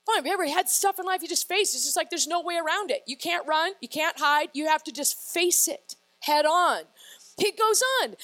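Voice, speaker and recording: A woman pastor preaches with a very high, forceful voice. She is energetic and keeps turning to the congregation with questions. She reads scripture aloud with drama. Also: moderate pace, rough recording. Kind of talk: sermon.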